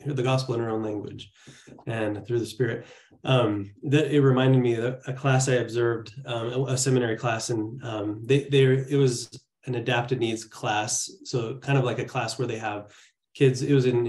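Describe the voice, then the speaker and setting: A man's voice: medium pitch, darkish tone, roomy sound. A man giving an earnest, casual training talk, telling stories with frequent restarts. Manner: earnest, storytelling, many restarts. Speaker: church training presenter.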